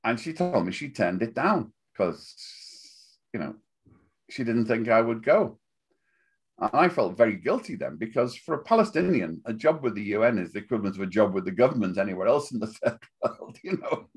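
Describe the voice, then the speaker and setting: An older man with a Liverpool accent, chatting as a guest in a relaxed interview, wry and rambling, often laughing at his own jokes. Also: lowish voice, moderate pace, breathy edge. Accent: Liverpool (Scouse). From Liverpool, England.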